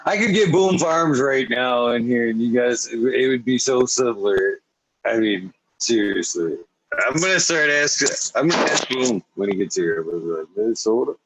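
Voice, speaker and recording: A man's voice: mid-range voice, lively intonation, moderate pace, fairly bright tone, a little hiss or hum, poor audio. A young man hosting a casual late-night podcast chat, laid-back and swearing freely, who slips into mocking voices as he laughs. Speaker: podcast host.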